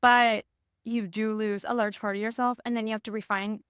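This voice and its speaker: A woman's voice: a little high, flat delivery, moderate pace, fairly bright tone, clear, resonant tone, no echo, clean studio sound. A woman hosting a podcast, talking in a loose, rambling way with many restarts. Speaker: podcast host. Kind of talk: casual conversation.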